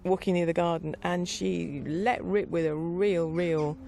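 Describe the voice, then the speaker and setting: A middle-aged woman chatting casually in a rambling, warm-hearted way, with fillers and light laughter. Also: on the low side, steady tone, a little slow, gravelly, a little hiss or hum. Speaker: vlogger. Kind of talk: casual chat.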